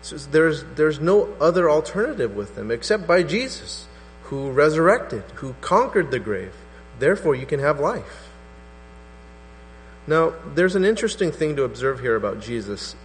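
A man preaching a sermon as pastor, animated and acting out skeptical voices. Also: fairly high pitch, moderate pace. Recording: hall reverb with faint mains hum.

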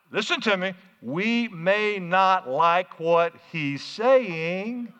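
A man preaching a sermon as pastor, energetic, calling out to the congregation in a church hall. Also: sits high. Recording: muffled, hall reverb.

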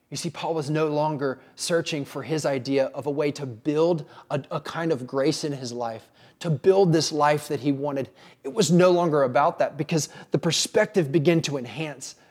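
A man preaching a sermon in an earnest way, often pausing and restarting. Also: fairly high pitch, darkish tone. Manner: earnest, with frequent pauses and restarts. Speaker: pastor.

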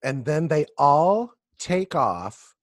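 A man's voice: on the high side, very animated, slow pace, dry recording, clean studio sound. A man co-hosting a podcast, trading wry, sarcastic remarks in casual banter and swearing freely. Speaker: podcast co-host.

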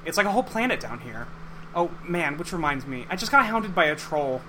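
A man's voice: a little high, sing-song, brisk, pushed and bright, a little hiss or hum. A man voicing an upbeat, goofy teenage boy who talks in a casual, teasing way. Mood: playful.

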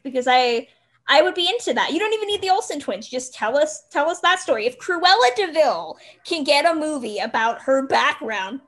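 Woman guest, high voice, bouncy pitch, opinionated casual chat. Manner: animated, opinionated, swearing. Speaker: podcast guest.

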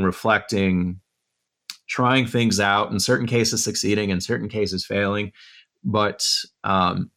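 Low-ish guy talking thru his ideas point by point, earnest and thoughtful, interview chat. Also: a bit bright. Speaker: author and educator guest. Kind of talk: conversational interview. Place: Durham area.

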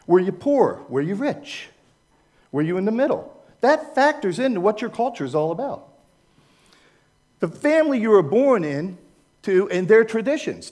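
A man's voice: sits high, a little mellow. An older American man with a Maryland accent, giving a chatty, informal talk with slides to a church group. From United States. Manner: chatty, digressive, asks the audience for agreement.

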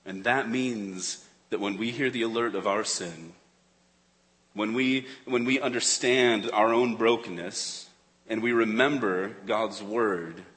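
A man preaching a sermon in a church, earnest, swinging between urgent emphasis and hushed tones. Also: on the low side, takes it slowly. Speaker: pastor. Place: church sanctuary. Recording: long reverb of a church hall.

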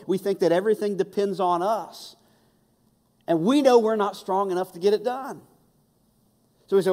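A male pastor delivers a fervent sermon in a fairly high voice, pressing and repeating his key phrases. His words ring out with a long reverb trailing through a large hall. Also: mellow.

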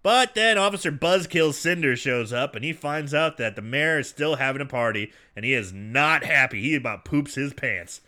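A man's voice: mid-range voice, normal speed, few pauses. A man casually recapping a movie on a podcast, acting out characters' lines and laughing often. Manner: animated storyteller, acts out lines, laughs often. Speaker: podcast co-host.

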